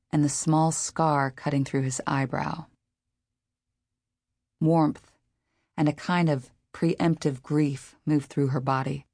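A woman narrating a literary novel as an audiobook reader, in a measured, unhurried way. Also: deep voice, warm tone, no echo, studio quality.

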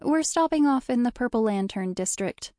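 A woman voicing a prim young female tour guide, speaking in a bright, sugary manner. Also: expressive, normal speed, dry recording, studio quality, lightly acted. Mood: brisk. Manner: bright, sugary, higher-pitched.

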